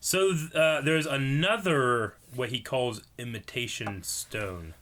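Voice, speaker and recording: A young man hosting a reaction show, chatting casually and thinking out loud with laughs. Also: medium pitch, measured pace, slight background noise. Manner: loose, laughing, thinks aloud. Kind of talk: casual chat.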